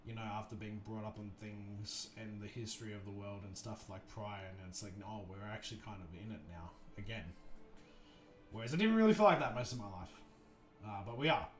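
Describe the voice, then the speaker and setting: A man hosting a livestream, chatting casually and thinking out loud, restarting his sentences often. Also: on the low side, lively intonation, a little fast. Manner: rambling, thoughtful, many restarts and fillers. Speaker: livestream host. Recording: roomy echo, faint music behind.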